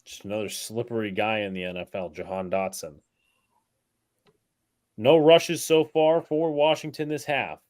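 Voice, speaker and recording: A man's voice: fairly low pitch, normal speed, darkish tone. A man doing live play-by-play on a fan stream, his voice jumping up on big plays. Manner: calls plays, voice jumps up on big plays. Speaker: play-by-play commentator. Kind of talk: livestream play-by-play commentary.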